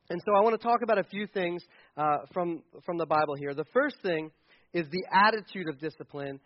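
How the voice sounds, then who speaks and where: A man's voice: high-pitched, dull audio. A middle-aged man preaching a sermon to a congregation, earnest and emphatic, repeating key phrases. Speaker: pastor.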